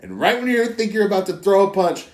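A man hosting a casual podcast chat, animated and jokey, often slipping into silly voices. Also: high voice, quick pace. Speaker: podcast host. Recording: roomy echo.

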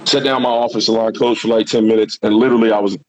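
A middle-aged man, a guest and former football player, telling a rambling, animated story in casual talk and swearing freely. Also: lowish voice, fast, poor audio.

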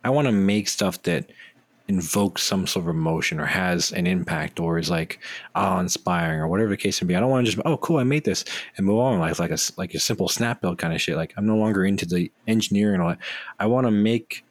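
Deep-voiced man in casual podcast chat. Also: fast, dry recording. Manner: rambling, joking, many fillers. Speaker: podcast co-host.

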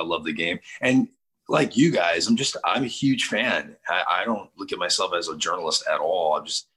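A man in his forties from St. Louis, with a very deep, forceful voice and a husky edge. He tells stories in a relaxed interview and acts out the people he quotes with lively voices. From St. Louis, USA. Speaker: sports TV host as guest. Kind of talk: casual interview storytelling.

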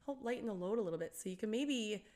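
Speaking quickly at a medium pitch, a middle-aged woman animatedly recounts a story in casual chat. She voices the characters she quotes, laughs a lot, and curses.

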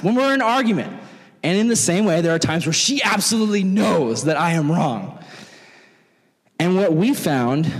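A young man preaching to young people in a lively, conversational way. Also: high-pitched. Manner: animated, conversational, acts out voices. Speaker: youth pastor. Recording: long hall reverb.

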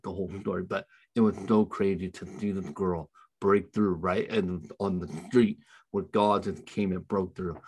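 A man's voice: deep voice, husky. Man telling a faith story. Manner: storytelling, animated when quoting. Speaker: podcast guest sharing testimony. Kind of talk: casual spoken testimony.

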